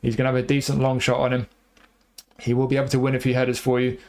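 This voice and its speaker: A man's voice: mid-range voice, completely flat delivery, fast. A man casually reviewing football game player cards, rambling and repeating himself with lots of fillers. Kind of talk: casual commentary over gameplay.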